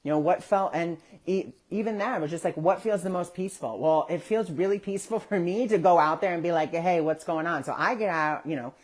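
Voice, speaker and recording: A man's voice: sits high, a little fast, few pauses. A man hosting a casual spiritual talk online, telling stories animatedly and acting out the voices he quotes. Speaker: spiritual discussion host. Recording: social media live stream.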